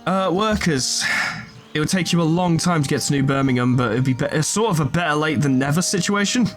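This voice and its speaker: A man's voice: a little high, brisk, soft background music. A man casually commentating his strategy game playthrough, joking, swearing, and chatting to his units. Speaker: gaming video host. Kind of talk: casual let's play commentary.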